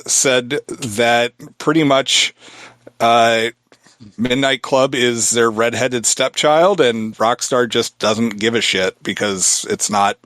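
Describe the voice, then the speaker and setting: A man's voice: mid-range voice, a bit bright, no echo. A man co-hosting a podcast, reading the news in a laid-back, dry way. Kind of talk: casual podcast chat.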